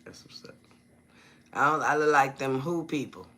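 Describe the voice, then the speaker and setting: A man chats on a phone live stream in a loose, slangy way. His voice is bright and forceful, with a pushy edge. He keeps checking in with his viewers and stops to greet them by name. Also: mid-range voice, normal speed. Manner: chatty, keeps asking viewers "you feel me?"; loose slangy street talk. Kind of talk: casual live-stream talk.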